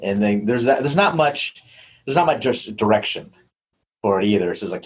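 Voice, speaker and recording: A man's voice: fairly low pitch, expressive, normal speed, husky. A man hosting a podcast interview, asking probing questions and thinking aloud with restarts. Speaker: podcast host. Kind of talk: conversational interview.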